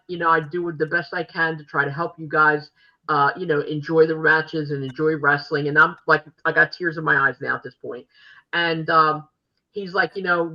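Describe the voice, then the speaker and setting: An older woman hosting a podcast, telling stories in an animated, gushing way. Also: low voice, dull audio. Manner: animated, gushing fan storytelling. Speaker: podcast host. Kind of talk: casual chat.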